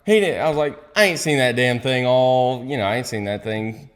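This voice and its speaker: A man's voice: medium pitch, brisk, in a large hall. A young man, telling a hunting story as a podcast guest, swearing freely and dropping into whispered asides. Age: young adult. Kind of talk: casual storytelling.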